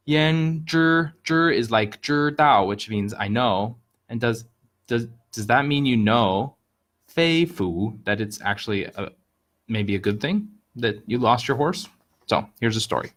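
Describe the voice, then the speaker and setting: A man tells a folk tale on a casual live stream, upbeat and chatty. His voice sits at an ordinary middle pitch for a man. He stops now and then to explain a word and points at pictures as he goes. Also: lively intonation, takes it slowly, fairly bright tone. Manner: narrates over pictures he points at. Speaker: host telling Chinese fables.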